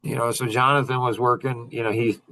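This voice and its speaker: A man's voice: medium pitch, flat delivery, brisk, bright, forceful tone. A middle-aged man leading a young men's group talk, rambling with many restarts and fillers.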